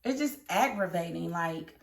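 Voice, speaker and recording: A woman reviewing a TV episode in casual commentary, animated and emphatic, scolding the characters. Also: on the low side, normal speed, gravelly, roomy sound. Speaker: TV show reviewer.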